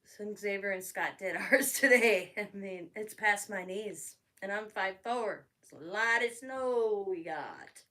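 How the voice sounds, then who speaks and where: A woman's voice: mid-range voice, unhurried, few pauses, bright, forceful tone, far from the mic. A middle-aged woman telling stories in a casual live-stream chat, laughing often as she talks. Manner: chatty storyteller who laughs often. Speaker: craft channel host.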